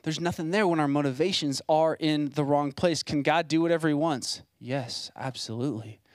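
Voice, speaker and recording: A man's voice: fairly high pitch, moderate pace, dry recording. A young man preaching a sermon as a site pastor, in a casual, conversational way with plain asides.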